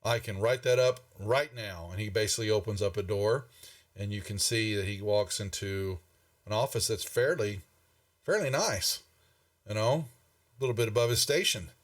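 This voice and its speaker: Guy running a tabletop game, lowish voice, rambly, sits back from the mic. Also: normal speed, far from the mic. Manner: loose, rambling description. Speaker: game master.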